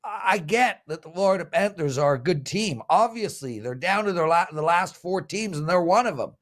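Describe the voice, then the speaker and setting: A man in his fifties hosting a sports betting show, pitching promo codes and boasting about his winning picks. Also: animated, normal speed, a bit bright. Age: 50s. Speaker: host and sports handicapper.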